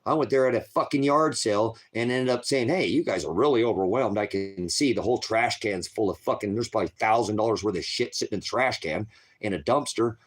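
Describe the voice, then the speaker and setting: A man's voice: lowish voice, brisk. Agitated man telling a rambling story. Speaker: speaker telling his own story. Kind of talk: heated personal monologue.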